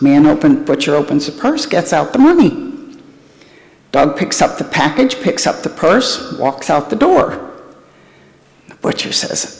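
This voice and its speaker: A pastor preaching a sermon with illustrative stories, speaking deliberately in a church sanctuary. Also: mid-range voice. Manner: storytelling, deliberate. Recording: echoey church hall, long reverb.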